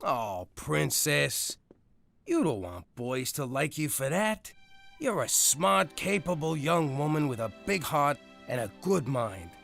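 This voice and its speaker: A man voicing a blustery middle-aged mob father in a cartoon, exasperated, who shouts and then gives in to his daughter. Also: sits high, very animated, moderate pace, creaky, faint music behind, full character voice. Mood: coaxing. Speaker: strip club co-owner and father.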